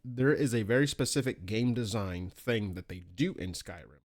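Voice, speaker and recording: A man co-hosting a casual podcast, telling gaming stories with lots of swearing and excited squeaky voices for his asides. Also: moderate pace. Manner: animated storytelling, swears freely, jumps up in pitch for quoted asides. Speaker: podcast co-host.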